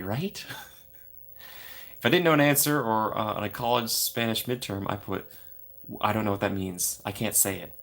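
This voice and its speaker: A young man hosts a live stream from home, chatting casually to his viewers. His voice sits a bit low, and he talks in a playful, self-mocking way as he reads out chat messages. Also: fairly bright tone.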